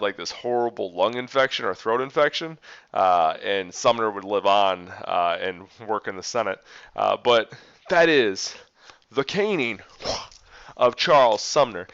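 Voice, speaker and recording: A male history teacher tells the past as a dramatic story, his pitch jumping animatedly and his loudness swinging. His voice sits at a middle pitch. The recording is dull and lo-fi. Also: vocal fry.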